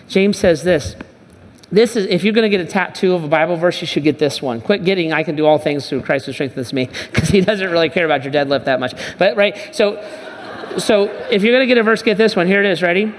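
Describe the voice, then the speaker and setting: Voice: medium pitch, a little fast. A pastor giving a conversational sermon, restarting and repeating phrases and acting out the Bible dialogue. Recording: long reverb of a large hall.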